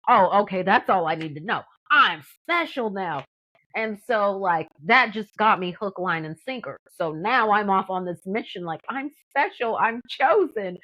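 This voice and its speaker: A woman sharing her personal faith testimony in a casual, animated way, acting out what people said with lots of "like" and fillers. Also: medium pitch, rough recording. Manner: animated, acts out quotes, frequent "like". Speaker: testimony guest.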